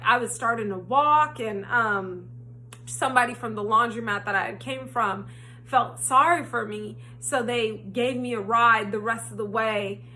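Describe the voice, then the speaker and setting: Bright-voiced woman telling a storytime. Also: a little high, slight background noise. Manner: animated, rising to indignant. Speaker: vlogger. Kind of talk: storytime vlog. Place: home, frogs heard outside.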